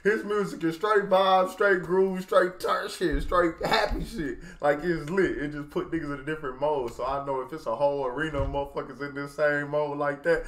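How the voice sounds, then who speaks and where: A man hosting a casual music reaction, talking in a slangy, profane and excitable way. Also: a little high, normal speed, hardly any pauses. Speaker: reaction channel host. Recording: echoey room with background noise.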